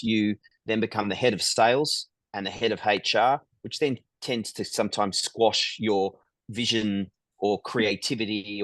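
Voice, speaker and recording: Middle-aged male guest, low and dry: reflective storyteller, hesitant with ums and restarts. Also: no echo. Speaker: guest, business founder. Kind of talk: conversational interview storytelling.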